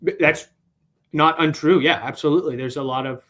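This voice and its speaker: A young man from Boston joins a podcast as a guest, speaking earnestly but haltingly, with frequent "uh"s. His voice is a touch higher than most men's. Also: steady tone, fairly bright tone. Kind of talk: casual podcast chat.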